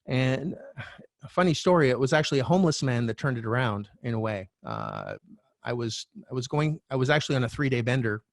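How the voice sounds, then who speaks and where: A middle-aged man, a real estate coach, telling a candid personal story as a podcast guest, animated and swearing now and then. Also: medium pitch, a little fast, gravelly, no room sound, clean studio sound. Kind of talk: storytelling interview talk.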